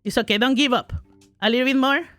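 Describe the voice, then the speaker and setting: Woman streamer, higher voice, giggly play-by-play, bright tone. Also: fast, no echo, soft background music. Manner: giggly, self-talking, exclaims in frustration. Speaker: gaming streamer. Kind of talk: live gameplay commentary.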